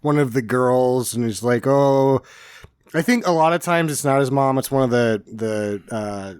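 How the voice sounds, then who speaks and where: A man's voice: medium pitch, measured pace, clear, resonant tone, no echo. Blunt wry man, dry close sound. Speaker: podcast co-host. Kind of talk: casual movie review chat.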